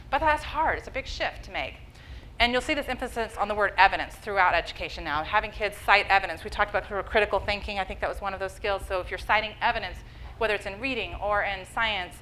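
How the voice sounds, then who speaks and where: A woman giving a public lecture on education, explaining in a lively way and checking in with the audience with "okay?" and "right?". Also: medium pitch, a little hiss or hum, poor audio.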